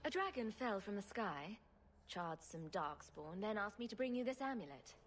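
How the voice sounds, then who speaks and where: An actress voicing a dry, sarcastic young adventurer in a video game. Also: female voice, mid-range voice, sing-song, normal speed, slight background noise, lightly acted. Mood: wry. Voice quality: sarcastic, offhand. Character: dry, wry young female human adventurer. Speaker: player character in a video game.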